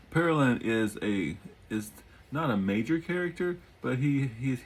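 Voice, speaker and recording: A man reading a chapter of his own novel aloud at home, adding relaxed asides and often repeating or correcting words. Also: on the low side, slight background noise, rough recording. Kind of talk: audiobook reading with casual asides. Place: home during a thunderstorm.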